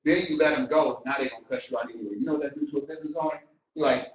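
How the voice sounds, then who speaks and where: Animated man coaching, high voice, roomy. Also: very fast, a little hiss or hum. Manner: animated, preacher-like, swings loud and soft. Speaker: business coach. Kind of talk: motivational talk. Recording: roomy, distant, dull sound.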